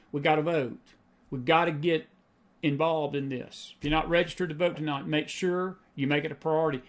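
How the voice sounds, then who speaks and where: A middle-aged man hosting a live faith and politics show, preaching in a folksy way, repeating lines for emphasis and answering chat comments. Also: on the high side.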